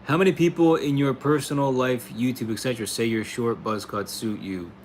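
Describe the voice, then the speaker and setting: A man's voice: medium pitch, brisk, a little hiss or hum. Laid-back man hosting a livestream. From United States. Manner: laid-back, laughs often, says "bro" and "dude". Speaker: livestream host answering chat. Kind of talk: casual livestream chat.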